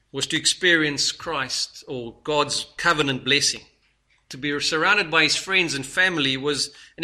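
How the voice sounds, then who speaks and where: A man preaching a sermon, earnest, moving between loud stresses and hushed lines. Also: fairly high pitch.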